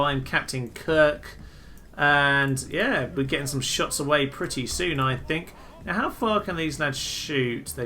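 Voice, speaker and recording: A young man giving casual, jokey commentary over a strategy game, breaking into loud excited exclamations. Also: mid-range voice, a little hiss or hum. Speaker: gaming video host.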